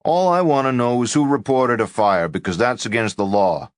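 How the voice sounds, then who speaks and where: A man voicing a gruff, suspicious fireman who blusters. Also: mid-range voice, moderate pace, dry recording, studio quality, voice pushed up, close to an everyday voice.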